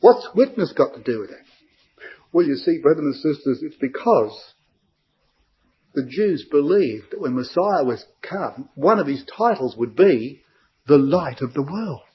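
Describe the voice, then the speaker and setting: A man's voice: a little high, sing-song, measured pace, a little mellow, husky, rough recording. A man giving a verse-by-verse Bible study to a congregation, emphatic and full of rhetorical questions.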